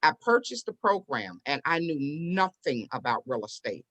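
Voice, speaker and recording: A woman guest tells her story with lively energy and slips into the voices of the people she quotes. Her speaking voice sits a little low for a woman. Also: moderate pace. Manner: animated storyteller who acts out quoted voices. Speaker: real estate investor and business owner, interview guest. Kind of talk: storytelling in an interview.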